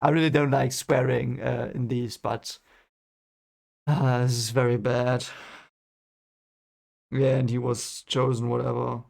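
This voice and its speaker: A man from Germany with a gravelly, creaky voice, reacting to a book as he reads it. He talks in an emotional, rambling way, swearing and then apologizing. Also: medium pitch, little pitch movement, measured pace, long pauses, darkish tone. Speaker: channel host reading a book aloud. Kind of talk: first-time reading reaction.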